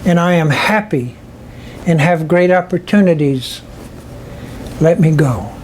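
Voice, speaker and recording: An older man voicing his departed wife's spirit, soft, slow and reassuring, within a spoken story. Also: fairly high pitch, a little hiss or hum, close to an everyday voice. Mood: tender. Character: gentle, loving spirit of a departed wife.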